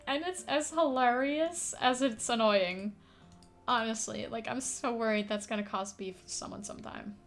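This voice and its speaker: A woman's voice: a little high, unhurried, a bit bright, soft background music. A woman who is not a native English speaker, chatting casually and rambling as a streamer while playing a puzzle game, with lots of fillers, casual swearing and laughter.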